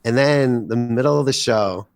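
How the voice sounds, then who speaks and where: A man in his forties, a podcast guest, telling a long story with excitement, swearing casually and acting out what people said. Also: mid-range voice, moderate pace, no room sound, studio quality. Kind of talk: animated storytelling in casual chat.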